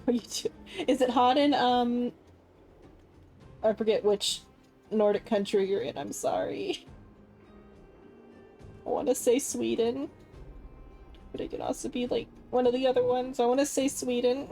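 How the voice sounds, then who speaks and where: A woman's voice: fairly high pitch, fairly even intonation, moderate pace, long pauses, warm tone, faint music behind. A woman live-streaming a game, chatting casually with her viewers and rambling with lots of filler words.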